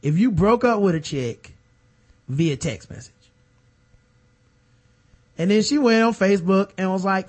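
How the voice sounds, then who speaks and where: In a casual chat about basketball, a man tells stories with animation and acts out the quotes within them. His voice sits high, and he speaks unhurriedly, pausing often.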